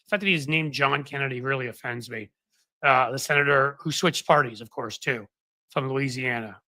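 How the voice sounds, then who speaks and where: A man's voice: mid-range voice, fairly quick, bright, forceful tone, dry recording. A man hosting a casual political live stream, chatting to viewers in a rambling, easygoing way. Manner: rambling, chatty, many fillers and restarts. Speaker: political commentary host. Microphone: desk microphone.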